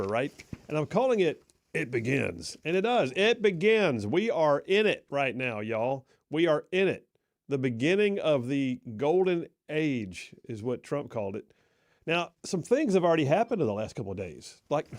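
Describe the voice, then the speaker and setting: A man hosting live talk radio from a studio, energetic and folksy, restarting sentences often. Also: mid-range voice, no echo. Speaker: radio talk show host.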